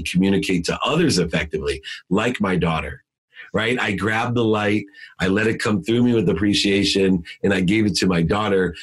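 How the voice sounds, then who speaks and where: A man's voice: low voice, slightly rough. A middle-aged man, a guest speaker, telling a motivational story in an emphatic, preachy way that repeats key words.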